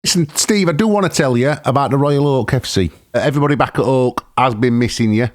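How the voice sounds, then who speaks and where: A man's voice: medium pitch, fast, dry recording, studio quality. A man co-hosting a podcast, teasing and mocking his friend in casual banter. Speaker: podcast co-host. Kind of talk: casual chat.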